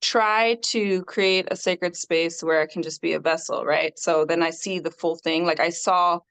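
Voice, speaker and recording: A woman guest on a podcast interview, an independent artist telling her story in an animated way with frequent laughter. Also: on the low side, measured pace, clean tone.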